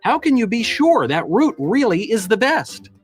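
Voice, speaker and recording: Bold eager explorer man, put on by a male narrator, fake Italian accent, sing-song, highish lively voice, kids' video. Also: moderate pace, soft background music. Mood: proud. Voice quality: exaggerated sing-song delivery. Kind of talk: children's educational video narration.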